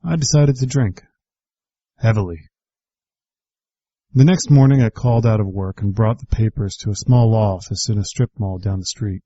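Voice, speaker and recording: A man narrates a first-person story with a warm, mellow voice. His delivery is reflective and wry. The recording is dry and a bit dull. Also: on the low side, normal speed, long pauses, no echo.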